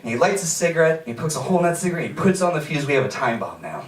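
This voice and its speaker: A man's voice: on the high side, very animated, racing, a little hiss or hum. Man laughing through a stand-up set. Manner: laughing through pain, yelping when shocked. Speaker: stand-up comedian. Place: small comedy venue with audience. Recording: echoey room, far from mic, loud crowd. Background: audience laughter.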